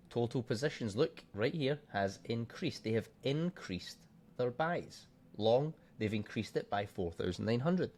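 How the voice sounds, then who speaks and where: A man coaching forex trading in a casual screen-share walkthrough, thinking aloud and swearing offhandedly. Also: fairly low pitch.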